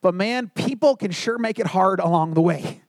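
A man preaching a sermon as a pastor, telling a personal story earnestly and dropping to quiet, low tones for emphasis. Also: moderate pace, no echo.

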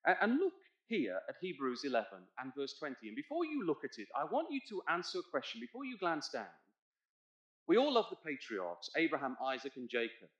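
A man's voice: fairly high pitch, huge pitch swings, brisk, muffled recording. A man preaching a Bible sermon, guiding his congregation through the text and rising to emphatic points. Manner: expository, asks congregation to look in their Bibles; emphatic, swells loud on key points. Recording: echoey church hall.

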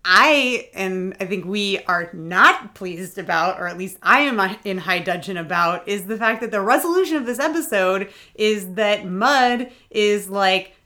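A woman's voice: medium pitch, lively intonation, measured pace, hardly any pauses, pushed and bright. A woman co-hosting a casual chat podcast, opinionated, swearing freely and laughing often. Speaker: podcast co-host.

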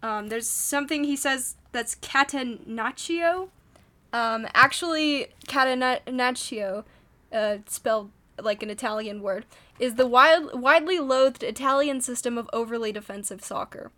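A woman's voice: on the high side, unhurried, sharp tone. A woman co-hosting a podcast in casual chat, rambling with many ums and frequent giggles. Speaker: podcast co-host.

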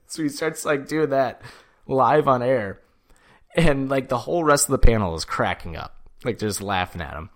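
A man hosting a casual sports podcast, telling stories with animated quoted voices and frequent swearing. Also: normal speed. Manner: animated storytelling, acts out quotes with jumps in pitch. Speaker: podcast host.

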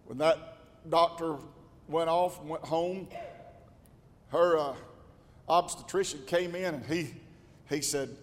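Folksy preacher in a reverberant church. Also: male voice, fairly high pitch, fairly even intonation, takes it slowly, pauses often. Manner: folksy, drawling, swells into shouting. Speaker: pastor. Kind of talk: storytelling sermon.

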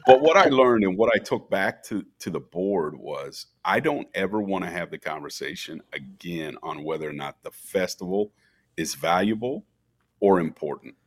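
Very deep-voiced animated storytelling man. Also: normal speed. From Minnesota, USA. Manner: animated storyteller, acts out quoted dialogue. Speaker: festival founder, podcast guest. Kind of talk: storytelling interview.

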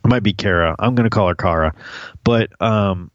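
A man co-hosting a casual TV recap podcast, talking in an animated, crude, joking way. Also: lowish voice, a little fast, no room sound, dull audio. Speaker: podcast co-host.

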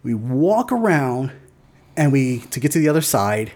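Man, podcast co-host, swearing storyteller, swooping lively pitch, mock-yelling. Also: normal speed. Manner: animated, profane, mock-yelling in retellings. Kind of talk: casual storytelling chat.

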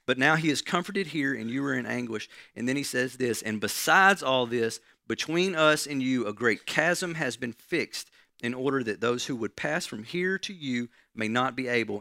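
A man preaching a sermon in a gravelly, bright voice. He teaches in a conversational way and keeps checking in with his listeners. The sound is dry and close. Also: medium pitch, dry recording. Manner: conversational teaching, frequent "right?" asides.

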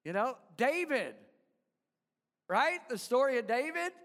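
High-voiced man preaching in an echoing hall. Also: big pitch swings, unhurried, a bit bright. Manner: emphatic, call-and-response with the congregation; stammering repeats of words. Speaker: pastor. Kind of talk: sermon. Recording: live sermon with long hall reverb.

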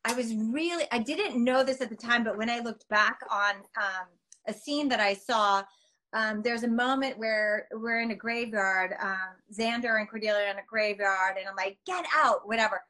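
A middle-aged woman with a fairly high voice chats over a video call. She is animated and self-mocking, and her talk is full of fillers and restarts. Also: moderate pace, poor audio. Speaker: guest actress. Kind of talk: casual interview chat.

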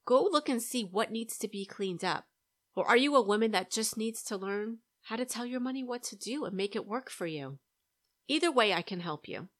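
A woman's voice: a little high, lively intonation, moderate pace, a bit bright. A middle-aged woman hosting a solo podcast, coaching listeners on money and often asking "right?". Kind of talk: solo podcast advice talk.

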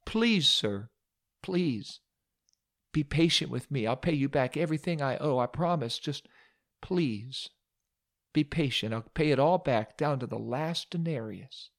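Preacher as a desperate male debtor, soft and pleading. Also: mid-range voice, lively intonation, a little slow.

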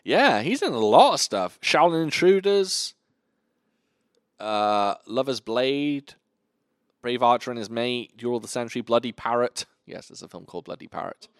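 Male podcast host, animated delivery, swears a lot, dry close sound. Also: mid-range voice, moderate pace, no echo. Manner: enthusiastic, swears often, lists titles. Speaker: podcast host reviewing kung fu films. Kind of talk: casual chat.

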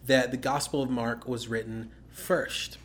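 A man's voice: mid-range voice, fairly even intonation, unhurried, fairly bright tone. A man co-hosting a casual podcast, explaining scripture steadily and checking in with "okay?" as he goes. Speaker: podcast co-host. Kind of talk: casual Bible-teaching chat.

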